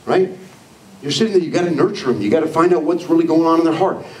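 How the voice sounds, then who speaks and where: Male speaker with a fairly high voice, upbeat trainer style, recorded from far off in an echoey hall. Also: fast talker. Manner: energetic, acts out quoted people in animated voices. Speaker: leadership trainer. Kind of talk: motivational training talk to a live audience. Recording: echoey hall, mic from far off, faint noise.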